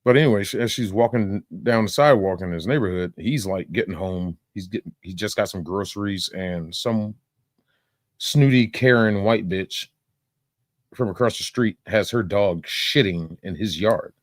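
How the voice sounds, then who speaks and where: A deep-voiced man giving loose, profane commentary, wandering between stories with filler noises and laughs. The sound is dry and close, with no room echo. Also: moderate pace. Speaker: reaction streamer. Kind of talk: casual commentary.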